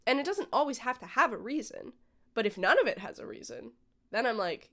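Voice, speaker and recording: A woman's voice: a little high, sing-song, brisk, a bit bright. A woman vlogger talking casually and with strong opinions, with lots of "like" and "um". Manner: opinionated, chatty, frequent "like" and "um". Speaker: vlogger reviewing a film. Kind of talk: casual chat.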